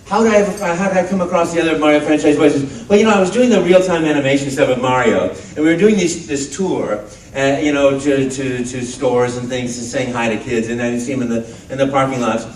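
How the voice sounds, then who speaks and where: A man in his fifties speaking on a convention panel, animated, breaking into loud cartoon voices and then turning earnest and heartfelt. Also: medium pitch, fairly quick, a little hiss or hum. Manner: earnest and heartfelt when reflecting. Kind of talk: animated panel talk to an audience. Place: large convention hall. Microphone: handheld phone in the audience. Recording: phone recording from far off in an echoey hall.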